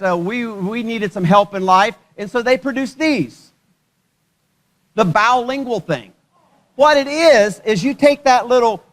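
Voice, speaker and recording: A man's voice: very high voice, fairly bright tone. A male pastor giving a sermon at a church service, conversational and joking, often putting questions to the congregation.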